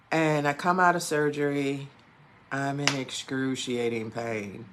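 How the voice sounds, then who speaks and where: A middle-aged woman telling a personal faith story in a casual way, acting out the dialogue and laughing between lines. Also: sits low. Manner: animated, acts out the dialogue, laughs between lines, many fillers. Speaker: speaker sharing a personal testimony. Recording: faint background noise.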